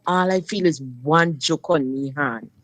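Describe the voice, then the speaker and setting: A woman's voice: low-pitched, a little slow, a bit bright, a little hiss or hum. Emphatic woman telling her story. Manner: emphatic dialect storytelling, addresses listener directly. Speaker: guest sharing personal story. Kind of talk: personal testimony on a talk show.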